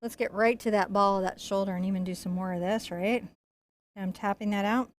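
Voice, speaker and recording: A woman's voice: medium pitch, fairly even intonation, a little fast. A woman giving a painting lesson, chatting playfully and joking as she works. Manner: chatty, playful, jokes and laughs while painting. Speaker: painting instructor.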